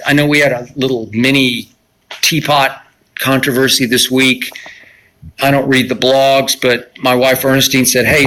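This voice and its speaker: A man's voice: mid-range voice, bright, forceful tone, low-quality recording. A man in his sixties giving an opinionated solo live commentary on basketball, emphatic and sometimes sarcastic. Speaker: sports commentator.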